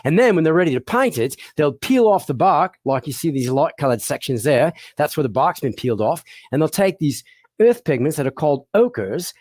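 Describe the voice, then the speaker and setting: Brisk and sing-song, the medium-pitched, slightly mellow voice has no echo. It comes from a performer hosting an educational kids' show who laughs often, encourages playfully, and addresses the audience with frequent questions.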